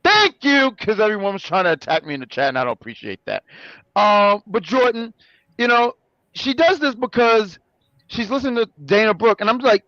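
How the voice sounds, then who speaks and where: A man co-hosting a casual review chat, animated and joking, often correcting himself. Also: high-pitched, normal speed, no room sound, lo-fi sound. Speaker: co-host.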